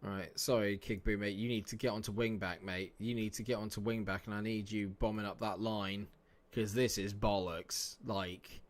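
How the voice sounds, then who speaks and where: A man with a fairly low voice runs a relaxed live-stream commentary over a football management game. He talks straight to his viewers and his players, with easy chat and a bit of mild swearing, from a room at home. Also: normal speed, hardly any pauses. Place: home room near a main road.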